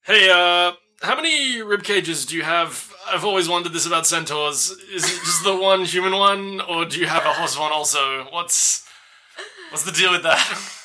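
A man's voice: high voice, moderate pace, sharp tone, voice pushed down. A man voicing a blunt, inquisitive male prisoner in a tabletop game. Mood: curious.

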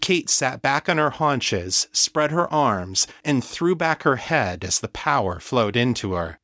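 A man reading an audiobook story in calm, measured scripted narration. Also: mid-range voice, no room sound, clean studio sound.

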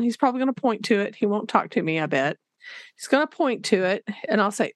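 Animated woman teacher telling classroom stories. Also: medium pitch, fast, no echo. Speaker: teacher and podcast co-host. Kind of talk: casual conversation, storytelling.

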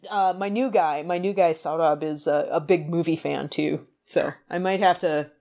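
A woman in casual conversation, calmly explaining points and chatting about films. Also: low-pitched, moderate pace, gravelly.

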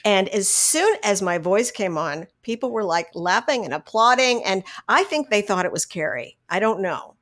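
A middle-aged woman, a voice actress, telling stories from her career in a casual interview, animated, laughing often and restarting her sentences. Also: medium pitch, moderate pace, few pauses. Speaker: voice actress guest.

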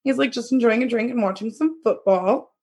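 A woman's voice: fairly high pitch, fairly quick, darkish tone, slightly rough. A young woman co-hosting a podcast, animatedly retelling a dating story with acted quotes and laughter. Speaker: podcast co-host. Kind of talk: casual chat, storytelling.

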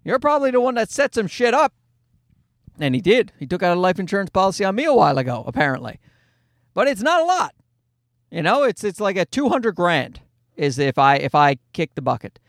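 A man talks through a comedy podcast with a high, lively voice that swings up and down. He swears casually and puts on quick voices for the people in his stories. The sound is close and dry, with no room around it. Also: no room sound. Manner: animated storyteller, swears freely, acts out voices. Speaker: podcast host. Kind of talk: comedic solo podcast monologue. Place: Toronto.

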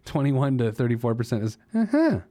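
On his personal finance podcast, a man offers money advice through a playful, joking monologue, often laughing at himself. He sounds animated and a little mellow, with a mid-range voice at a moderate pace.

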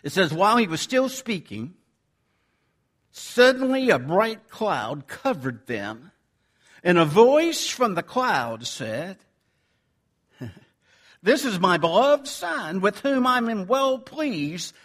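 A man preaching a sermon as pastor, swinging from loud emphasis to hushed asides. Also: sits high, slow pace, long pauses. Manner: animated preaching, swinging from loud to near-whisper.

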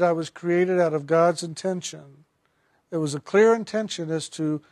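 A man's voice: sits high, no room sound, studio quality. A man speaking as a grateful guardian angel.

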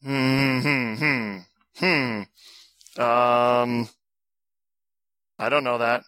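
A man's voice: medium pitch, little pitch movement, drawn-out words, sharp tone, clean tone, no room sound. A man co-hosting a casual podcast, loose and joking, swearing freely. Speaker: podcast co-host. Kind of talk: casual chat.

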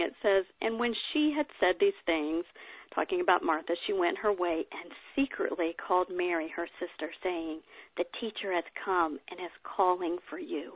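A woman's voice: fairly low pitch, no echo. A woman speaker at a women's workshop, teaching the Bible in a chatty way, reading passages aloud and adding personal asides. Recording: tinny, dry phone-like sound.

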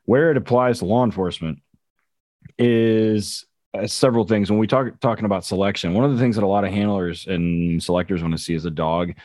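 Guy swearing a lot while telling dog training stories, lowish voice, dry sound. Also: fairly quick, no echo. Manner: profane, animated storytelling. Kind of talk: casual podcast chat.

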